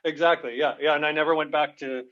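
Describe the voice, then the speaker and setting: A comedian with a fairly high voice, telling road stories on a podcast. He talks in lively bursts and laughs between lines. The sound is dull and lo-fi. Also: fast talker, over a noisy crowd. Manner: lively, laughs often, acts out shouts in his stories. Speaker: guest comedian. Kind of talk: animated storytelling in a podcast interview.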